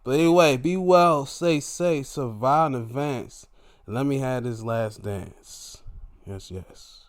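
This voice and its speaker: A man giving a casual solo wrestling review, animated and swearing freely as he recounts the action. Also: medium pitch, slow pace.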